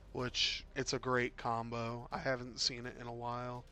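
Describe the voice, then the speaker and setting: A man's voice: medium pitch, unhurried, few pauses, dry recording, faint music behind. Tired, drawling male game commentator. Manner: relaxed, rambling, with many fillers and yawns.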